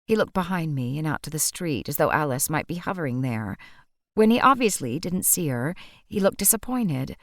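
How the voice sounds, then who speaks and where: Female audiobook narrator, wry, low-pitched, very dry close recording. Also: expressive, normal speed, no echo.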